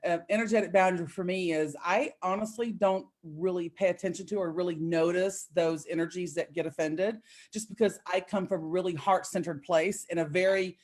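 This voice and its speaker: A woman's voice: lowish voice, fairly even intonation, fairly quick, hardly any pauses, a little mellow. A woman guest on a spiritual interview, speaking in a gushing, enthusiastic, casual way.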